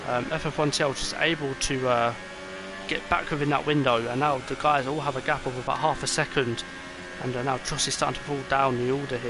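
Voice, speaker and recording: Tired man calling a sim race. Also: medium pitch. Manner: excitable, rambling, many fillers. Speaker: race commentator. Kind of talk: esports race commentary. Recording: noisy, with game car sounds behind.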